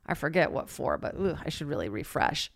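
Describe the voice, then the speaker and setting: Woman guest, lower voice, close dry sound, rambling story full of "like" and loud quoted asides. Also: a little fast, vocal fry, dry recording. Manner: animated, swears freely, acts out quoted lines loudly; heavy use of filler "like". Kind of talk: casual storytelling.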